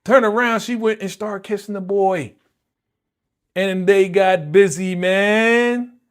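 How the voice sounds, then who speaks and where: A man hosting a live movie reaction stream, talking in a slangy, animated way and exclaiming his disapproval, often repeating himself and speaking straight to his viewers. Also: high voice, slow, smooth. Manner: slangy, addresses viewers directly. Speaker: reaction channel host.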